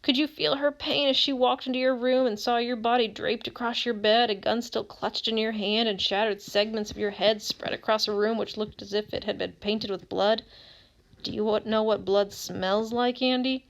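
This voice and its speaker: A woman's voice: a little high, fairly even intonation, normal speed, creaky. A woman reading as a haunted, questioning teen. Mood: grim. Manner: relentless, questioning. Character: haunted teen who found a dead friend. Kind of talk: audiobook reading.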